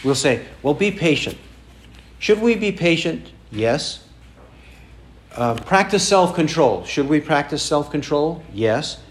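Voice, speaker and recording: A man preaching a sermon in a fairly high voice. He talks slowly and with emphasis, asks his listeners question after question and repeats key phrases to drive them home. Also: lively intonation. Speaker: pastor.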